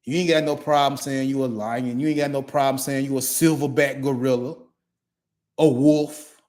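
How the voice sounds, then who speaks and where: A man's voice: medium pitch, fairly even intonation, moderate pace, a little mellow. A man in his forties delivering a blunt, profane monologue in a repetitive, emphatic way.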